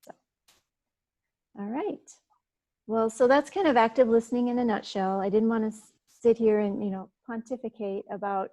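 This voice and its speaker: A woman gives a relaxed presentation to a business group, speaking in a plain, conversational way and often saying "you know." Her voice sits at an ordinary pitch. The sound is dry and close, with almost no room around it. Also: dry recording, poor audio. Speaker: presenter at a business networking meeting. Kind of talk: informal presentation.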